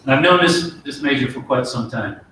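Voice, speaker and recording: A man's voice: mid-range voice, pushed and bright, slight background noise. Middle-aged man, promotion speech, earnest and folksy, heavy echo, distant from the mic. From United States. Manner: earnest, folksy storytelling with pauses and restarts. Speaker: army officer giving promotion speech. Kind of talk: ceremony speech with war story. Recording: very echoey hall, voice from afar.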